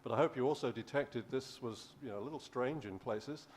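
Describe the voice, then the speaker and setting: A man's voice: medium pitch, a little fast, a little mellow, slight background noise. A male professor giving a conference lecture, explaining steadily with frequent restarts. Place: conference hall.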